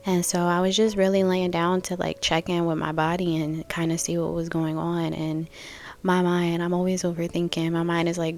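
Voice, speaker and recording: A woman's voice: on the low side, monotone, normal speed. A young adult woman hosting a reflective spiritual podcast, musing casually and thinking aloud with many fillers. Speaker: podcast host.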